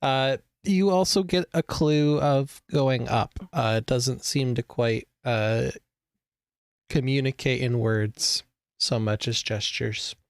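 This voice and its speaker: A man narrating as game master of a tabletop game, describing scenes in an unhurried way with many fillers. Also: mid-range voice, clear, resonant tone, dry recording, studio quality.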